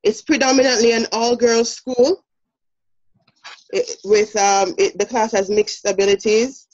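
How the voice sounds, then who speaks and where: A woman's voice: on the high side, steady tone, unhurried, a little mellow. A woman with a Jamaican accent presenting a poetry lesson, explaining step by step with many fillers. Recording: dull lo-fi sound.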